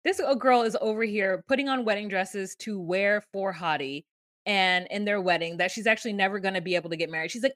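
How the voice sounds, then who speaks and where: A woman's voice: mid-range voice, fairly quick, a bit bright, no room sound, clean studio sound. A woman co-hosting a podcast, casually recapping a reality show with sarcastic, profane commentary and acted-out quotes. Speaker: podcast co-host.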